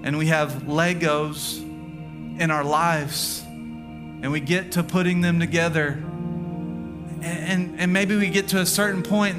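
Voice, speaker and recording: Pastor preaching over music. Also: male voice, high-pitched. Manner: storytelling preacher, slow deliberate emphasis. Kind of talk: sermon.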